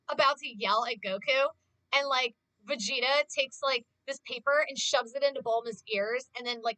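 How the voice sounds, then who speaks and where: A young woman livestreamer chatting casually with her viewers, gushing and fast, with lots of "like". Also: high voice, sharp tone, no room sound. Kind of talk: casual chat to stream viewers.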